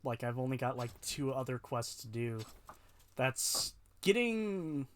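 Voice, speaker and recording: A man's voice: medium pitch, sing-song, unhurried. A man streaming a video game, chatting casually and swearing now and then. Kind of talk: casual gaming chat.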